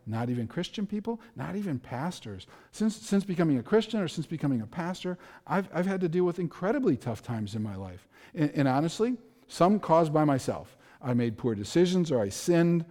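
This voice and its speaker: A man's voice: medium pitch, darkish tone, long reverb tail. A man preaching a sermon as a pastor, earnest and conversational, often repeating words as he starts a phrase.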